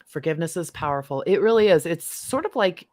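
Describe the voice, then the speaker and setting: Woman host, middle-aged, lower register, chatty and song-prone, dry close recording. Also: animated, fairly quick, darkish tone, no room sound. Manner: chatty, bursts into snippets of song. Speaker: livestream host. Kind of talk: casual chat.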